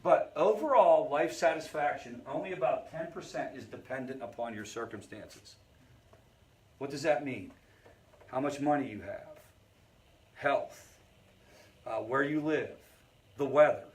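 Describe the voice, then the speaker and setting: Speaking in a mid-range voice, unhurried and with frequent pauses, a man leads a family recovery group. He teaches conversationally, often checking in with listeners and adding storytelling asides.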